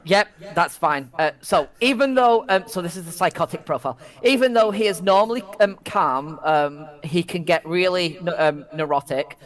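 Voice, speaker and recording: A man with a fairly high voice reads a ridiculous text aloud on a podcast. He hesitates constantly with ums and keeps breaking into giggles as he goes. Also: normal speed, hardly any pauses, fairly bright tone, rough recording. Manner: giggly, hesitant with many ums, cracks himself up. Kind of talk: casual comedy chat, reading aloud.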